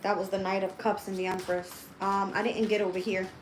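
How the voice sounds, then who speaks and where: A woman's voice: medium pitch, flat delivery, brisk, echoey room, faint music behind, low-quality recording. A woman giving a livestream tarot reading. She talks straight to her viewers, blunt and heavily profane, and thinks aloud as she turns the cards. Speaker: tarot reader.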